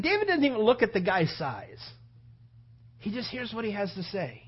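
A male preacher tells a story in a loose, conversational sermon, lively and animated as he acts it out. His voice is slightly husky, and the recording sounds dull and lo-fi. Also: high voice, a little fast.

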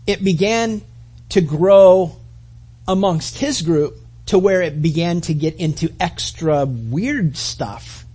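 A man pastor giving a conversational sermon, preaching with animated quoted asides. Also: high voice, slow, slightly rough.

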